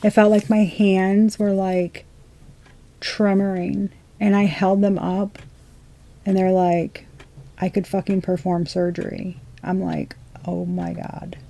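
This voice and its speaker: Woman, young adult, tarot reader, casual vlog, rambling, swearing, warm mellow tone. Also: mid-range voice, level tone, slow pace, vocal fry. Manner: rambling, swearing, half-laughing disbelief.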